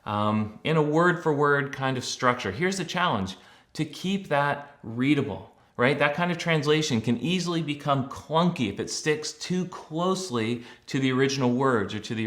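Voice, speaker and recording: Relaxed male explainer, mid-pitched voice, conversational teaching talk with fillers. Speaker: Christian blogger and teacher. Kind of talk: casual explanatory talk to camera.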